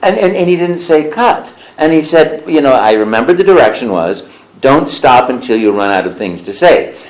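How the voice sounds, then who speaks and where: Man spinning a lively story, roomy sound. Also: medium pitch, normal speed. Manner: lively storyteller who slips into character voices. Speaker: voice actor guest. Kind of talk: animated anecdote telling. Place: convention interview room.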